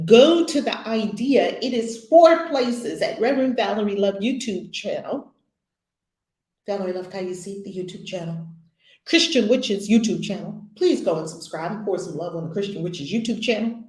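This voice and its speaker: A woman's voice: medium pitch, expressive, a little mellow. Emphatic woman teacher, echoey room. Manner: emphatic, repeats phrases slowly word by word. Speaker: spiritual teacher. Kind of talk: spiritual lesson with affirmations.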